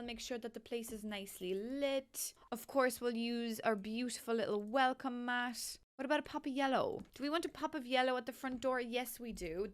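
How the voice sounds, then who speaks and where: A woman hosts a casual gameplay build, musing aloud as she counts through items and weighs each choice. Her voice sits a little high, and she keeps the talk light and self-amused throughout. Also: a bit bright. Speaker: game builder and channel host.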